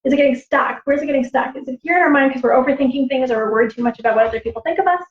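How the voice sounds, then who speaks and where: A woman storyteller and teacher on a livestream, animated and laughing, acting out voices as she tells stories. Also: high voice, very fast. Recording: roomy, slightly dull livestream audio.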